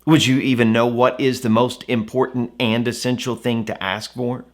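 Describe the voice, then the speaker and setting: A man's voice: medium pitch, level tone, normal speed. A man giving a devotional Bible teaching in a conversational way, often asking the listener rhetorical questions. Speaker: devotional speaker.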